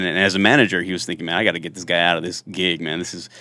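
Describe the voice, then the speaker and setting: A man in his thirties spins lively, jokey stories from his police days. He acts out every quoted line with a rising, playful voice. His voice sits a touch low and the sound is close and dry. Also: rapid-fire, no echo. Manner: animated, jokey storyteller who acts out quotes. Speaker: country singer and former police officer. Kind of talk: casual storytelling in a podcast interview.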